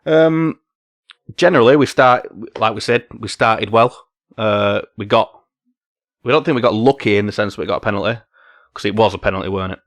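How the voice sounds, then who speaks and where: Man, low voice, dry close sound, casual football podcast chat. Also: a little fast, no room sound. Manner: chatty, tag questions, fillers. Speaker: podcast co-host.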